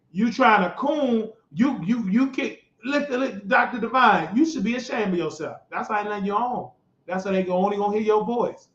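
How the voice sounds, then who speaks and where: High-pitched guy ranting on his stream, mocking, gets loud, roomy dull sound. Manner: loud, mocking, rising to shouts when worked up. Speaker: show host. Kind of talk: heated political commentary.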